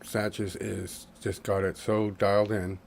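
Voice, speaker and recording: A man in a casual chat, talking haltingly and repeating words as he tells an anecdote. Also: fairly low pitch, little pitch movement, creaky, darkish tone, a little hiss or hum.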